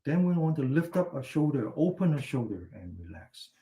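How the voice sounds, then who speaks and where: A man teaching a meditation class, gently guiding breathing and posture exercises with slow, drawn-out commands, then telling a chatty story. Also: fairly high pitch, sing-song. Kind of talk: guided exercise and anecdote in a class.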